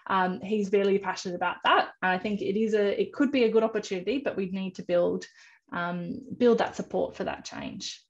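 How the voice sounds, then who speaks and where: Female panelist, flat and creaky delivery, hesitant, lo-fi call sound. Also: medium pitch, brisk. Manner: hesitant, many fillers. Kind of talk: panel discussion answers.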